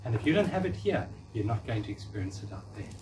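A man's voice: medium pitch, sing-song, fast, darkish tone. A man in his fifties giving a live talk to a room, coaching listeners through affirmations and repeating key phrases. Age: 50s. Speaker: workshop speaker. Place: meeting room with audience. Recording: distant room mic with faint noise.

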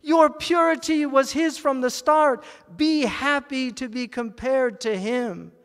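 A man's voice: extremely high pitch, slow, fairly bright tone, big-room sound, voice pushed up, exaggerated voice. A man voicing indignant scolding copper. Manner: crying out in reproach.

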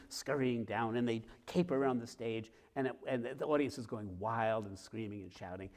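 A middle-aged author talking with a host before a live theater audience, telling stories in a lively way and acting out scenes. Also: male voice, mid-range voice, normal speed, few pauses. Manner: lively, acts out scenes with sounds and quoted voices. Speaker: author guest. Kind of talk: animated storytelling in conversation.

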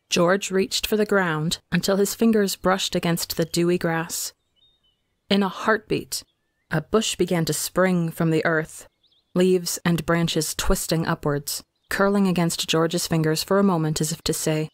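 Male reader for audio fiction; calm, measured delivery, dry close recording. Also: fairly high pitch, no echo. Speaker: fanfiction reader. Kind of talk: scripted narration.

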